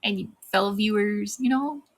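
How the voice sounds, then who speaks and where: A woman's voice: medium pitch, normal speed. A young woman streamer chatting casually on a live stream, giggling often as she thanks viewers and reads the chat.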